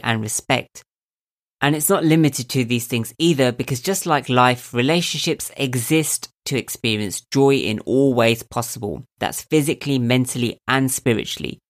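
A young man hosting a self-help video gives calm, earnest motivational advice to the camera, reflecting in a coaching tone and posing rhetorical questions. He describes his own voice as squeaky and nasal, and it also sounds gravelly.

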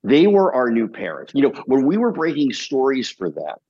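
A man, a TV comedy producer, talking as a guest in a casual interview, telling lively stories, laughing often and swearing casually. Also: medium pitch, normal speed, highs cut off.

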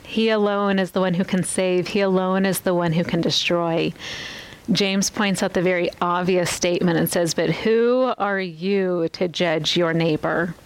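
A woman's voice: on the low side, fairly even intonation, a little slow, clear, resonant tone, poor audio. A woman giving an earnest Bible teaching on a podcast, often asking the listener questions.

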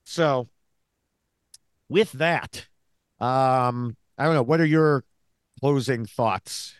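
A man's voice: mid-range voice, drawn-out words, smooth, dry recording, clean studio sound. A man co-hosting a TV recap podcast in casual chat, rambling and trailing off in fillers. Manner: chatty, animated, trails off in fillers. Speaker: podcast co-host.

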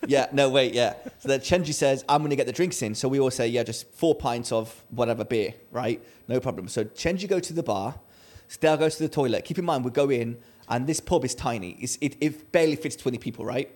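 A man co-hosting a podcast, telling a story in casual chat and acting out the quotes with lively energy. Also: medium pitch, fairly quick. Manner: animated storyteller, acts out quotes. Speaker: podcast co-host.

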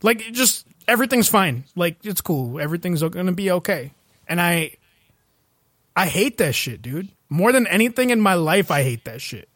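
A young man ranting profanely in a casual chat, animated and exasperated. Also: high-pitched, moderate pace, dry recording. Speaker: podcast co-host. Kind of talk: casual rant.

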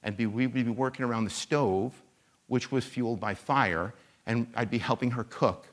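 A man voicing a big, bald fire-and-brimstone revival preacher who speaks in a quiet, confiding voice while telling a story from his childhood. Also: mid-range voice, moderate pace, natural voice. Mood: hushed. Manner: hushed, confiding. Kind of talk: sermon storytelling.

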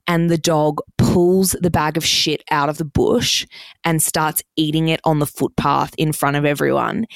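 Here a young female podcast host rambles casually through a storytelling monologue, swearing often and leaning hard on "like." Her voice sits low and gravelly, sliding repeatedly into fry. There's no room sound; the audio is dry and intimate.

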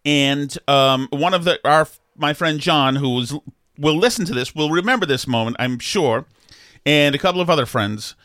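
A man's voice: a little high, moderate pace, fairly bright tone, dry recording, clean studio sound. A middle-aged man hosting a podcast, telling a rambling, jokey story with many restarts in casual chat. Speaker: podcast host.

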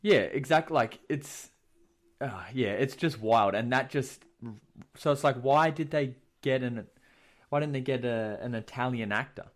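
A man's voice: medium pitch, unhurried. Laid-back young guy, slangy chat. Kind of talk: casual chat.

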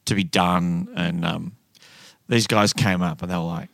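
Bright-voiced Australian man telling stories. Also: sits low, fairly even intonation, unhurried, gravelly, dry recording. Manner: storytelling, acts out quoted voices. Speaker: comedian guest. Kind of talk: casual green-room chat. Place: green room at a comedy venue.

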